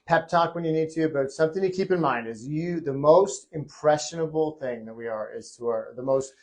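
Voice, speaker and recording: A man hosting a casual motivational chat, energetic and coach-like. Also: on the high side, brisk. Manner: energetic, coach-like pep talk. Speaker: host.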